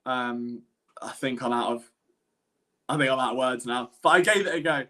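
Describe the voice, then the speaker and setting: A man hosting a live-streamed sports podcast, talking in a rambling, animated, self-deprecating way as he works through his analysis. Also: medium pitch, moderate pace.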